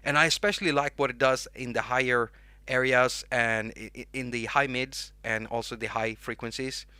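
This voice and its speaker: A man's voice: mid-range voice, steady tone, normal speed, bright, forceful tone, smooth, dry recording. Swedish man chatting on a livestream. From Sweden. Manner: rambling, restarts words, reads chat names aloud. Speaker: livestream host and music producer. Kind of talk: unscripted livestream chat.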